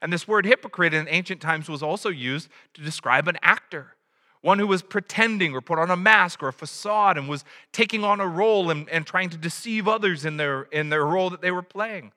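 A man's voice: high-pitched, fairly quick, pushed and bright, in a large hall. A man preaching a sermon in a conversational way, a father who acts out little quotes. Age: adult, has a child. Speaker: pastor.

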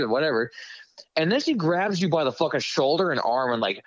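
A man's voice: mid-range voice, fast talker, dry recording. A man telling a story in a casual chat, swearing constantly and acting out the people he quotes. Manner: profane, animated storytelling with quoted voices. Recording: dull lo-fi dry sound.

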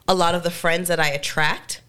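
Her voice is on the low side, level and a bit bright with a clean tone, and she speaks fairly quickly. She's a woman in her thirties co-hosting a podcast, slightly congested, candidly chatting and fond of fillers.

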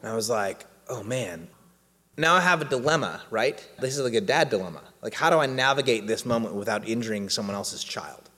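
A man's voice: medium pitch, animated, quick pace, hardly any pauses, sharp tone. A man preaching casually to a congregation, telling a family story with humor and asking the room questions. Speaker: pastor. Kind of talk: sermon with audience interaction. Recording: hall reverb.

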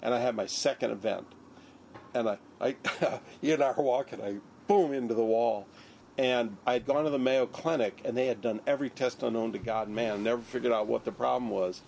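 Older guy telling his story in an interview, gravelly, acts out what others said. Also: medium pitch, a little fast, darkish tone, slight background noise. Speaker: interviewee, neurosurgeon.

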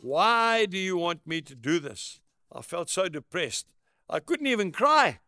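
Bright, clear male audiobook narrator. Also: high voice, no room sound, studio quality. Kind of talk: first-person memoir reading.

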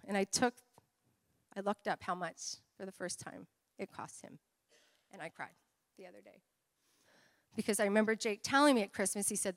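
Woman preacher, high bright voice, lots of amens, big reverby church hall. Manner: personal storytelling with call-and-response amens. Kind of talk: sermon.

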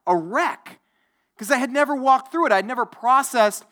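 A man's voice: very high voice, fairly quick, pushed and bright. A man in his forties preaching in a loose, conversational way. He restarts phrases, repeats himself and keeps asking his listeners whether they follow. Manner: conversational, repetitive, asks the audience. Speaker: pastor. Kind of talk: sermon.

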